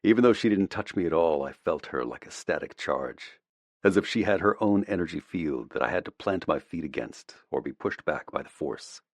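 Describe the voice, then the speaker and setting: Man, audiobook narrator, low voice, expressive intonation, dry close mic. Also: moderate pace, no echo. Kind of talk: first-person audiobook narration.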